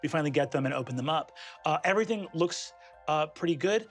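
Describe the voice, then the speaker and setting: A man's voice: on the high side, lively intonation, fast talker, faint music behind. A man narrating as game master of a tabletop game, with vivid, descriptive storytelling.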